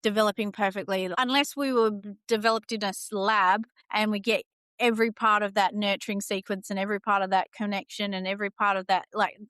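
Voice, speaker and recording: A middle-aged woman, hosting a podcast and chatting casually, telling stories with lively quoted voices. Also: mid-range voice, a little fast, smooth, dry recording, clean studio sound. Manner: chatty storyteller, animated quoting. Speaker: podcast host.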